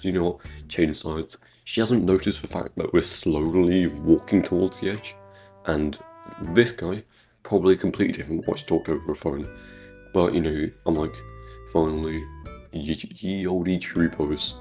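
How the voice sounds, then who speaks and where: A man's voice: deep voice, steady tone, moderate pace, dark tone, soft background music. A British man giving crude, sarcastic, joke-filled gameplay commentary on his own channel. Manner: crude, sarcastic jokey rambling. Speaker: gaming YouTuber.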